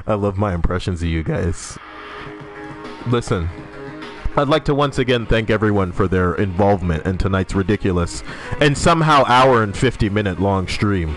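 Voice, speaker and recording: A man's voice: on the low side, expressive, a little slow. A young man streaming a game, rambling casually, swearing, and laughing at his own jokes while reading chat. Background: music.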